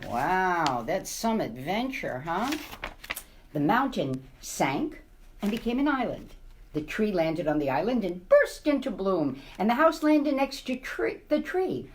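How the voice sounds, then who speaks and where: A middle-aged woman, a news anchor, reading a children's picture book aloud with animated expression. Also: medium pitch, measured pace. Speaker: TV news anchor as guest reader.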